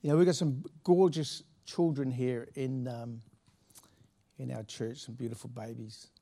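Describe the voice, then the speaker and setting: A man's voice: mid-range voice, steady tone, a little slow, vocal fry, mellow. A middle-aged man, a pastor telling a story from the pulpit in a chatty, laughing way with many restarts. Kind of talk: sermon anecdote.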